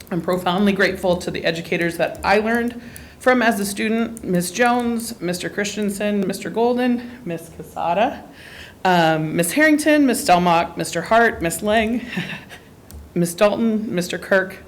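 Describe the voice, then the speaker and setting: A woman's voice: fairly low pitch, slight background noise. A woman art teacher giving a heartfelt, grateful acceptance speech at a school board meeting, with frequent ums. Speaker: award-winning art teacher.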